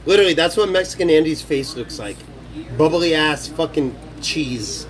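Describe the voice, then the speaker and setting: A man's voice: a little high, lively intonation, normal speed, very noisy. A young man live-streaming from his kitchen on his phone, talking rowdy and profane while he cooks. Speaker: livestreamer. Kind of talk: casual live-stream talk while cooking.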